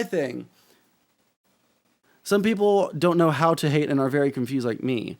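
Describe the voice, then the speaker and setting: Fast-ranting, swearing young man. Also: on the high side, lively intonation, darkish tone, no room sound. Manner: profane, ranting, restarts often. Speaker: streamer. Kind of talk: casual political commentary.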